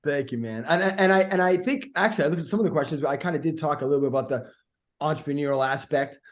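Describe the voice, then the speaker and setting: A middle-aged man, a guest speaker, telling energetic stories in a podcast conversation and acting out the voices in them. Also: a little high, rapid-fire. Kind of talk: animated storytelling in a podcast conversation.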